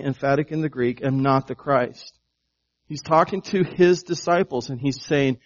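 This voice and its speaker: A man's voice: mid-range voice, normal speed, highs cut off. A man preaching a sermon in a conversational way, asking the congregation questions and often repeating his words. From United States. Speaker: pastor.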